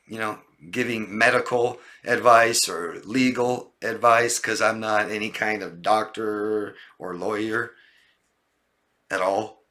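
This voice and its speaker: A man giving relationship coaching, talking casually and answering viewer questions, often acting out exasperated exchanges. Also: medium pitch. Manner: animated, mimics people in exasperated voices.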